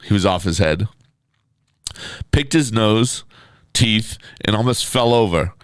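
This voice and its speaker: Wry low-voiced male podcast co-host. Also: slow, smooth, no room sound. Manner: wry, laughs while reading, teasing. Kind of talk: casual chat, reading reviews aloud.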